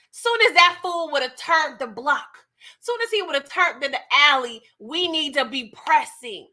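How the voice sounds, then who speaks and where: High bright animated woman host. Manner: animated, slangy, laughs and mocks. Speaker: TV recap host. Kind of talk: casual live-stream recap chat.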